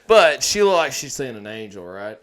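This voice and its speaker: A man's voice: medium pitch, very animated, normal speed, fairly bright tone. A man telling a rambling, crude story in an easygoing way during casual chat.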